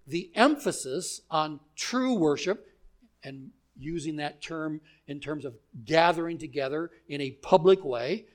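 A man preaching a sermon to a church gathering, measured and emphatic, with deliberate pauses, ending in prayer. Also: on the high side. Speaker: pastor.

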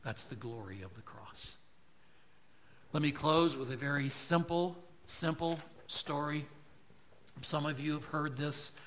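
A man preaching a sermon to a congregation, asking rhetorical questions and moving between hushed, soft passages and loud, emphatic lines. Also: a little high, measured pace, slight background noise. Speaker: pastor. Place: church.

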